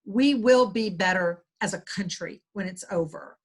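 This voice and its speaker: A woman's voice: medium pitch, unhurried, slightly rough. A woman with a Southern US accent, a guest author talking earnestly in a rambling interview, with many restarts. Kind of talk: conversational interview.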